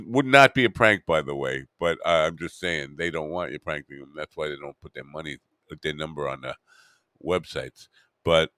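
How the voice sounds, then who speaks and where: A man's voice: rumbling low, a bit bright, no echo. A man hosting a podcast alone, rambling and muttering to himself with wry asides. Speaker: podcast host.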